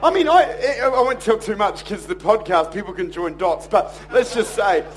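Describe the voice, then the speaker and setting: Man, pastor, live sermon, jokey storytelling, high pitch, faint hum. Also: normal speed. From Australia. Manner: animated storytelling preacher, jokey, acts out voices. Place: church.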